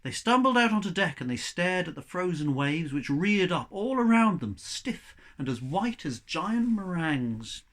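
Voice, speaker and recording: A teacher reads a children's storybook aloud in a lively, chatty way, his voice swinging up and down through the sentences. The tone is bright and forward, a little higher than most men's. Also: normal speed, hardly any pauses.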